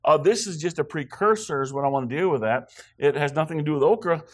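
Guy from wyoming preaching in church, kinda high voice, rambles and cracks jokes. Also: fast talker, noisy background. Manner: rambling, joking asides before reading scripture. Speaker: guest preacher. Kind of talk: sermon.

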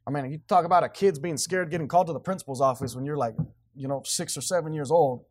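A male pastor preaching a sermon, switching between quiet asides and loud, emphatic passages. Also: on the high side, fast talker, no echo, clean studio sound.

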